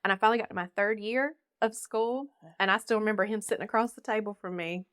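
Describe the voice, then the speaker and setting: A woman's voice: mid-range voice, fast talker, smooth, no echo, studio quality. A young woman from North Carolina, a podcast guest telling her life story and acting out the people in it. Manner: animated, laughing often, acting out quoted voices. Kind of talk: casual storytelling.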